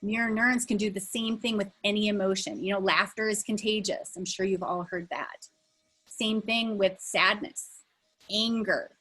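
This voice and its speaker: A woman's voice: medium pitch, steady tone, moderate pace, bright, forceful tone, slightly rough, poor audio. A middle-aged woman leading a live online workshop over a video call, talking in a conversational way with many fillers and restarts. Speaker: workshop facilitator.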